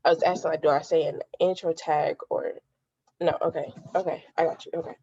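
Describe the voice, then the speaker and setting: A young woman rehearsing a podcast intro, unsure and halting, stopping to ask questions. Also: low-pitched, fairly even intonation, vocal fry, a little mellow, husky, lo-fi sound. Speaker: podcast student.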